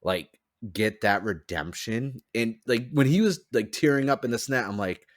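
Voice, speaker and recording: A man's voice: mid-range voice, animated, moderate pace, no echo, clean studio sound. A man hosting a podcast in casual chat, rambling with lots of "like" fillers. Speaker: podcast host.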